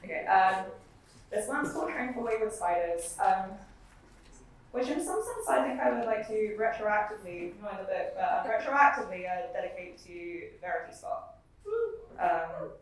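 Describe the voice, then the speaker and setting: A young woman poet giving a live reading, moving between measured recitation and chatty asides between poems. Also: medium pitch. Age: young adult. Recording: very echoey room, mic far off.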